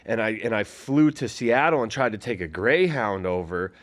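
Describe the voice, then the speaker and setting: A man in his forties sits in as a guest and tells a long story in a low, easygoing voice. He rambles and leans on fillers. He throws in quick impressions of the people he quotes. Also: lively intonation. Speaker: guest, former fighter. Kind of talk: casual storytelling interview.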